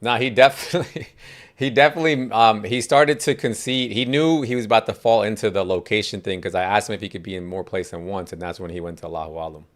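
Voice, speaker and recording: A man hosting a casual podcast chat, excitable, exclaiming and laughing often. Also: lowish voice, fast talker. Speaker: podcast host. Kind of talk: casual group chat on a call.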